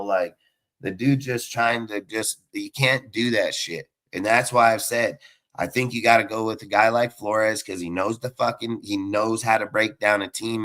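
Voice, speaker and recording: A man's voice: medium pitch, fairly bright tone. Male podcast panelist, mid-range voice, heated and foul-mouthed, rambling rant. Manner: heated, swears constantly, rambling. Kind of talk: profane sports rant.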